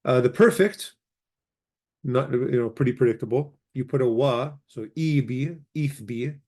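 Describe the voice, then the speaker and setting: Teaching a language in an easygoing manner, this man explains grammar casually and goes through the conjugations one by one, spelling every form and repeating them slowly. His pitch is an ordinary middle range for a man.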